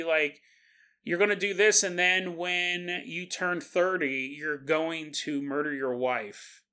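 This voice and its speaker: Bright-voiced, animated podcast host. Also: male voice, fairly high pitch. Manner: animated storyteller who laughs and acts out quotes. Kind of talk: casual solo podcast monologue.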